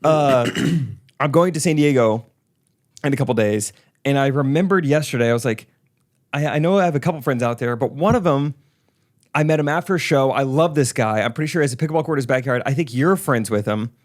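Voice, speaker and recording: A man's voice: medium pitch, brisk. A young man co-hosting a podcast, making dry joking asides and teasing in casual chat. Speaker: podcast co-host.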